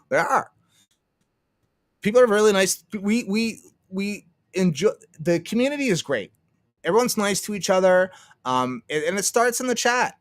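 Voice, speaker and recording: A Canadian streamer with a fairly high voice hosts a casual livestream, recorded at studio quality with no room sound. He rambles and swears, laughs often, and acts out what other people said.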